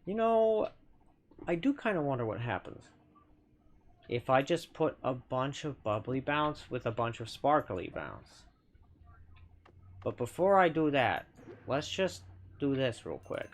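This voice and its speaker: A man streaming himself playing a game, talking casually and playfully at middle pitch. His voice bounces around with lively intonation, and he keeps correcting himself mid-sentence with little joking asides. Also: unhurried, pauses often. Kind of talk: casual gameplay commentary.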